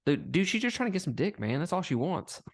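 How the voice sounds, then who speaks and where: A man's voice: fairly high pitch, big pitch swings, fast. A man co-hosting a podcast, chatting bluntly about a film and laughing often. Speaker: podcast co-host. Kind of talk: casual movie review chat.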